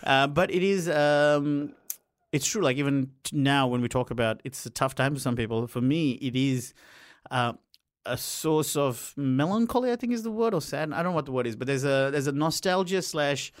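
A man's voice: mid-range voice, normal speed, no room sound, clean studio sound. A man co-hosting a podcast, chatting in a reflective, nostalgic way with self-deprecating humor. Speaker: podcast co-host. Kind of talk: casual chat.

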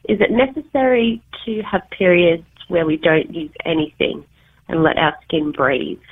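A woman's voice: fairly low pitch, moderate pace, husky. A woman calling in with a friendly, slightly hesitant voicemail question. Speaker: caller. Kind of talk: voicemail message. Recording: tinny phone line.

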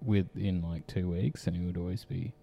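An Australian man hosting a casual podcast, his voice sitting a little low. He tells crude, swear-filled stories with lots of energy. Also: moderate pace, in a large hall. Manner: crude, animated anecdotes full of swearing. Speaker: podcast host. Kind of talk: casual chat.

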